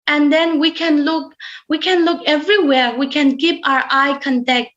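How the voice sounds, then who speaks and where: A high-pitched woman, teaching over a webinar. She speaks in a measured way, repeats her points and fills pauses with ums. The audio is somewhat muffled, as from a computer mic. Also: fairly even intonation, a bit bright. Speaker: webinar presenter. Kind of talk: online webinar talk. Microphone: computer mic on a video call.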